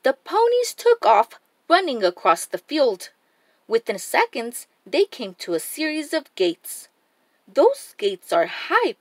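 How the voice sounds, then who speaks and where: A woman reading a children's picture book aloud, her voice moving up and down with a lot of expression. She takes an unhurried pace, and the sound is close and dry. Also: mid-range voice, no echo. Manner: expressive, animated read-aloud. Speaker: storybook reader.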